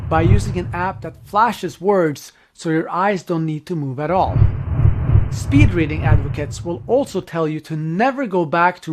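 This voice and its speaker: A man narrates a learning lesson in a scripted, explanatory way. His voice sits somewhat high for a man. He keeps an even, informative delivery. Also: noisy background.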